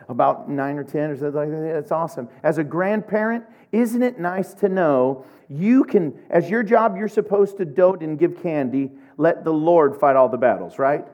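Middle-aged preacher guy from oklahoma, high voice, jokey animated sermon. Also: normal speed, highs cut off. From Oklahoma, USA. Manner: humorous, animated storytelling with laughs.

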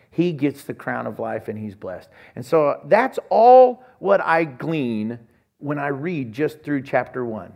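A man's voice: medium pitch, a little mellow. A man preaching a sermon as pastor, telling stories and acting out conversations. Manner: storytelling, acts out conversations.

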